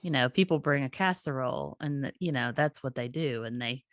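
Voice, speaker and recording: A woman's voice: a bass voice, moderate pace, no room sound, studio quality. A woman, hosting a casual podcast conversation and responding as an empathetic listener. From US South. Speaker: podcast host.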